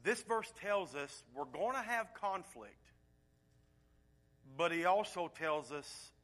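A man preaching a sermon, moving between loud emphatic points and quiet, hushed asides. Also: high voice, expressive, slow pace. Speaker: pastor.

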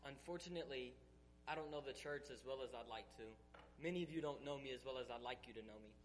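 A man's voice: mid-range voice, fast talker, slight background noise. A man giving an emotional church testimony, earnest and emphatic, sounding tearful. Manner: earnest, emphatic, building intensity.

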